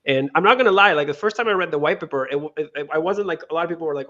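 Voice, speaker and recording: A man's voice: a little high, racing, highs cut off. Man, telling a story. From Venezuela. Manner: animated, many restarts and quoted dialogue. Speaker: guest, crypto lending co-founder. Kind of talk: casual storytelling interview.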